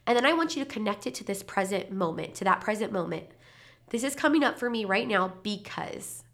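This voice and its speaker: A woman's voice: medium pitch, a bit bright. A young adult woman hosting a parenting podcast, talking candidly and encouragingly in a casual solo chat, heavily pregnant. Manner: candid, encouraging, chatty with lots of "like".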